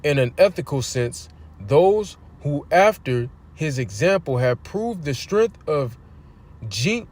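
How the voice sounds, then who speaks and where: A man's voice: on the high side, expressive, a little slow, a little mellow. Fervent, blunt man preaching on a livestream. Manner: fervent and blunt, swears, reads scripture aloud; asks listeners rhetorical questions. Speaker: preacher streaming a scripture teaching. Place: near a street.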